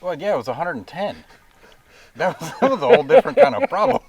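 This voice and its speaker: Lively American man recalling hikes. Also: high voice, creaky, breathy edge. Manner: lively, laughing, quick agreeing replies. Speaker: guest. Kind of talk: casual chat.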